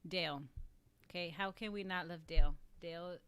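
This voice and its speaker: A woman's voice: on the low side, steady tone, moderate pace, fairly bright tone, slight background noise. A woman hosting a casual livestream, gushing about favorite voice actors in a rambling way, with lots of "like". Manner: gushing and rambling, heavy use of "like". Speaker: livestream host.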